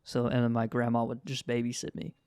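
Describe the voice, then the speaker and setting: A man's voice: mid-range voice, completely flat delivery, a little fast, mellow, clear, resonant tone, no room sound. A young man co-hosting a podcast in laid-back casual chat, with dry humor and frequent laughter. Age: young adult. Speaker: podcast co-host.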